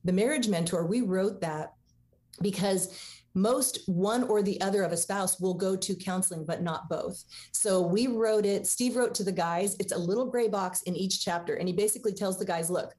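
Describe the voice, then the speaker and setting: A woman's voice: mid-range voice, normal speed, a little mellow. Earnest woman speaking on faith. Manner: earnest, preaching tone. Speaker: guest author. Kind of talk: faith-based radio interview.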